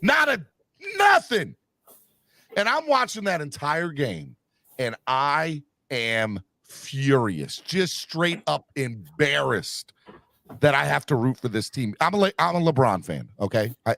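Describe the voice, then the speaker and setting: A man hosting a sports podcast, ranting heatedly with animated bursts of shouting. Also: medium pitch, vocal fry, dry recording.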